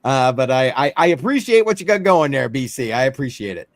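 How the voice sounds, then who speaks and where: A man hosts a loose, chatty crypto show. His talk wanders with fillers and offhand asides. The sound is dry and close, and his pitch sits in a middle range. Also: sing-song, brisk, no room sound. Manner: rambling and offhand, many fillers. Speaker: host of a crypto news livestream. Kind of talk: casual talk-show chat.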